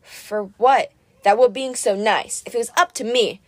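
A woman voicing a rude, menacing male war god in an audiobook, gruff and blunt. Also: a little high, a little slow, darkish tone, dry recording, natural voice. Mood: sneering.

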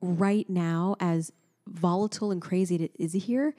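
A woman in her thirties co-hosting a casual chat, telling stories in an animated way and often trailing off to restart. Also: lowish voice, a little slow. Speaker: podcast co-host.

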